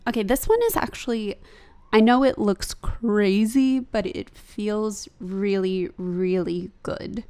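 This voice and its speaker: A woman's voice: mid-range voice, slow pace, a little mellow, clear, resonant tone. A young woman talking casually over her own yoga practice as a vlogger, chatty and laughing at herself.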